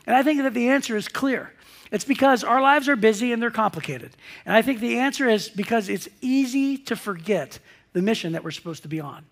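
A man's voice: very high-pitched, lively intonation, fairly quick, gravelly. A middle-aged man preaching a sermon, chatty and storytelling, acting out the voices of people in his story. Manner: chatty storyteller, acts out quoted voices, many restarts. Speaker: pastor.

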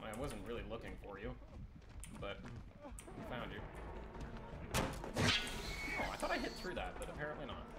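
Playful gaming man, lively roomy voice. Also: moderate pace, long pauses. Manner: playful, chatty, teasing, squeals up high when goofing around. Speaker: gaming streamer. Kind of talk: gameplay commentary. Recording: roomy sound with audible background noise.

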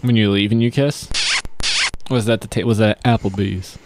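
A man's voice: on the low side, fairly even intonation, normal speed, background noise. A man hosting a podcast in casual chat, teasing his guest and rambling through restarted questions. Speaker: podcast host. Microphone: studio mic.

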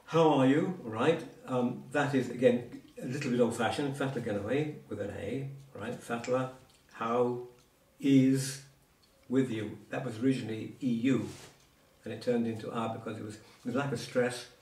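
Recorded at a distance with a roomy feel, a man patiently teaches Cornish words to one learner in an informal lesson, offering asides and examples. His mid-range voice is steady and darkish, at normal speed.

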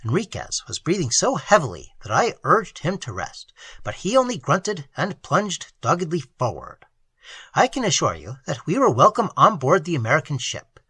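Animated man reading a story, husky. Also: on the high side, normal speed, dry recording. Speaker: audiobook narrator. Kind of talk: scripted narration of a story.

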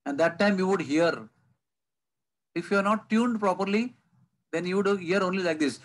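A man's voice: high voice, normal speed, low-quality recording. A man giving a devotional lecture over a video call, telling stories and asking rhetorical questions. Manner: storytelling, rhetorical questions, lively emphasis. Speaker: spiritual teacher.

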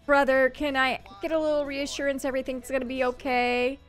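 A woman voicing a stressed, gloomy young woman in a life-sim game, talking in a flat, weary way. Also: high voice, a little fast, soft background music, voice pushed up, lightly acted. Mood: pleading.

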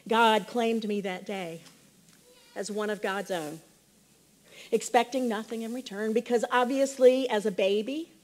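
A woman gives an earnest, reflective testimony in a church service. She speaks slowly and deliberately, her voice a touch high. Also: darkish tone.

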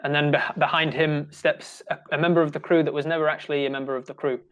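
A man with a New Zealand accent narrating as game master, talking in a halting way with many restarts. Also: a little high, level tone, fairly bright tone. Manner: halting, full of ums and restarts.

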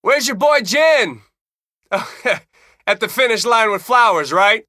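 A man's voice: sits high, expressive, takes it slowly, sharp tone, dry recording, full character voice. A man voicing a young street racer who answers a rival with dry, sarcastic jabs in a video game. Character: wisecracking young male racer, unimpressed.

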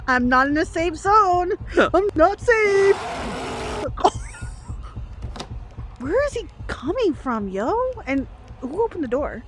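A young woman livestreaming a horror game to chat, jumpy and excitable, laughing and gasping as she pleads with her friends. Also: extremely high pitch, drawn-out words, long pauses, noisy background. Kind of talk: live gameplay commentary to chat.

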